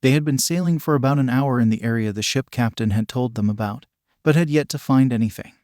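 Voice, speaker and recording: A man's voice: medium pitch, fast talker, a little mellow, dry recording. Man narrating a fan story, dry sound.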